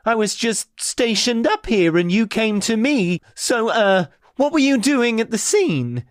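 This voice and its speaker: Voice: mid-range voice, no echo, studio quality, lightly acted. A player voicing a polite, overly chatty man who overwhelms people with questions and keeps apologizing. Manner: apologetic, rambling, fussy.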